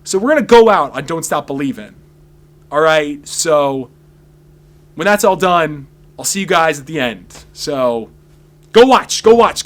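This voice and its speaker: A young man hosting an opinionated TV review vlog, talking in a sarcastic, ranting way. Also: mid-range voice. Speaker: video reviewer and host.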